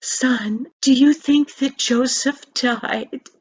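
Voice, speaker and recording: An older woman voicing a wise, gentle minister speaking kindly to his son in a calm, fatherly manner. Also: high voice, extremely slow, slightly rough, no echo, lo-fi sound, heavily acted.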